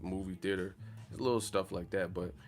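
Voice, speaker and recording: This deep, steady male voice comes at a fairly quick pace. It belongs to a boxing channel's livestream host in California's Bay Area, who chats loosely, swears, jokes and uses lots of slang.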